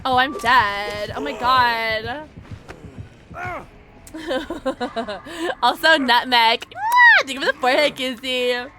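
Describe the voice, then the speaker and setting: A woman streaming a video game who chats casually with her viewers, giggly, loud and excitable, and high on edibles. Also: slow, pauses often, noisy background. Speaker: streamer and voice actor. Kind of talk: casual game livestream chat.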